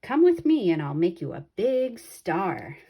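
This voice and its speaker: A woman voicing a smooth-talking male circus showman who coaxes in an overly polite way. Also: medium pitch, very animated, a little slow, dark tone, a little hiss or hum. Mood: coaxing.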